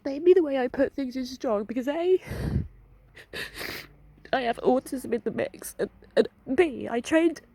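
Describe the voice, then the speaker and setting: A woman vlogger crying as she talks through an upsetting experience, halting and laughing through her tears. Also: high-pitched, lively intonation, dark tone, rough recording. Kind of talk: emotional personal vent.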